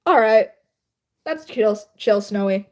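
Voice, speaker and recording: With a mid-range voice and lively intonation, a young woman speaks slowly as she livestreams. She edits her writing while chatting in a self-deprecating way, laughing often.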